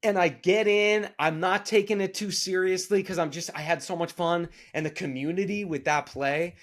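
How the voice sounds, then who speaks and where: A man telling a story as a podcast guest, casual and animated, with loud bursts when he acts out lines. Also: sits high, moderate pace. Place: podcast studio.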